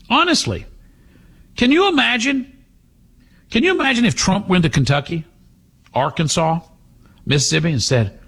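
A man's voice: sits high, huge pitch swings, normal speed, vocal fry, pauses often, fairly bright tone, slightly rough. A man hosting a talk radio show, giving sarcastic, mocking commentary. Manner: sarcastic, mocking, puts on voices.

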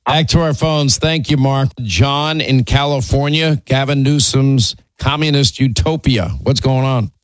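A male talk radio host speaking at a medium pitch with a dry, close studio sound. He talks emphatically and keeps restarting his sentences as he takes calls. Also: measured pace, few pauses, no echo, rough recording.

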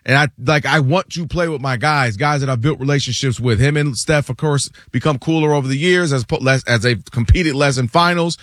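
A man co-hosting a sports radio show, arguing basketball in an animated, interjecting way. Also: mid-range voice, brisk, hardly any pauses, no echo. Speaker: co-host.

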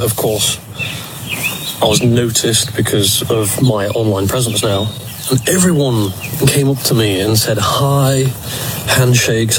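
A man's voice: on the low side, background noise. A man earnestly telling a social media audience about his life as an immigrant. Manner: earnest, grateful. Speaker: immigrant sharing his experience. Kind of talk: social media video monologue.

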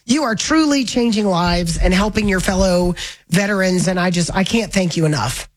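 A woman hosting a talk radio show, chatting briskly and correcting herself mid-sentence. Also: on the low side, slight background noise, poor audio. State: hiccups. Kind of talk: casual talk radio chat.

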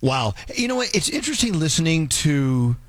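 A man hosting a radio show, chatting casually in an animated way and often jumping in. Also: on the high side, dry recording. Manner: animated, quick to interrupt. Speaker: host.

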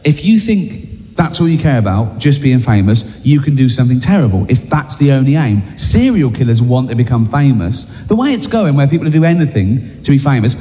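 A man's voice: medium pitch, sing-song, brisk, mellow. A British man doing a live stand-up set, chatty and mocking, breaking into laughter at his own jokes. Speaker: stand-up comedian. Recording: echoey live hall with crowd ambience.

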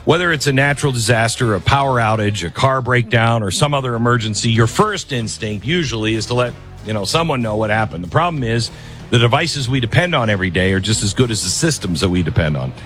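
A man's voice: medium pitch, animated, fast, fairly bright tone, soft background music. A man hosting a political talk radio show and reading an ad in an emphatic, conversational way, often breaking off to restart his sentences.

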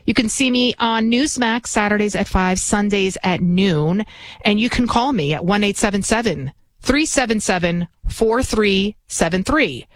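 A woman in her forties hosts a talk radio show, ranting in an indignant monologue. Her voice sits at an ordinary middle pitch, close and dry on a studio microphone with no room sound. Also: animated, unhurried, dry recording. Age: 40s.

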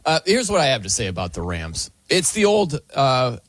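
A man's voice: mid-range voice, wildly swooping pitch, normal speed, a bit bright, no room sound. An American man hosting a sports talk show, emphatic and full of rhetorical questions.

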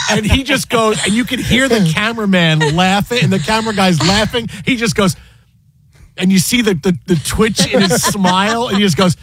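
A male sports broadcaster with a high voice chats and tells stories in an animated, repetitive way. The sound is dry and close. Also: normal speed, slightly rough, dry recording. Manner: animated, many repeated words. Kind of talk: casual storytelling chat.

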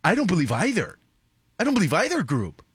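A man's voice: sits high, huge pitch swings, fairly quick, husky, no room sound, clean studio sound. A man co-hosting a radio show, giving his opinions in an earnest, casual way. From United States. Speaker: radio co-host.

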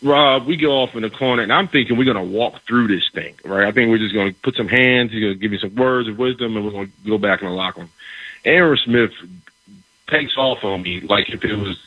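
A middle-aged man, a former football player, telling a locker-room story in a lively way, repeating words and acting out what others said. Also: lowish voice, brisk, husky, no room sound, highs cut off. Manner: animated, repeats words, acts out quoted dialogue. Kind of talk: casual storytelling.

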